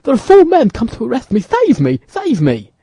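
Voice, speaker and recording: A man's voice: extremely high pitch, wildly swooping pitch, moderate pace, mellow, breathy edge, dry recording, pitched above the performer's own voice, heavily acted. A man reading an audiobook, voicing a panicked middle-aged mercer begging for rescue. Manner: frantic, begging.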